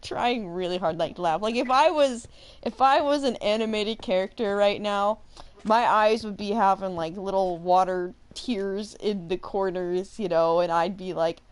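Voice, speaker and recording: A young adult woman hosting a gaming channel, telling a rambling story while she plays, animated and full of fillers and laughter. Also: medium pitch, moderate pace, smooth. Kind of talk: casual storytelling while playing a game.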